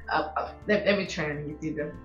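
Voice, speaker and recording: Expressive woman telling stories. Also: deep voice, a little fast. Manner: expressive storyteller, mimics accents, laughs often. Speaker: guest, host's sister. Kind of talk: casual chat. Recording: roomy, dull sound with faint music.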